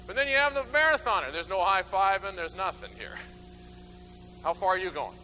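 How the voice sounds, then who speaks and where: A man giving an energetic motivational talk from a stage, acting out little scenes and swinging from loud bursts to low mutters. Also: moderate pace, a little hiss or hum, rough recording. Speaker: motivational speaker. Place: stage before an audience.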